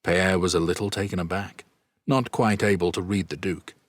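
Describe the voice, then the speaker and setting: A man narrating a fantasy audiobook in a steady, even storytelling manner. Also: low-pitched, moderate pace, dry recording. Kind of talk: scripted narration.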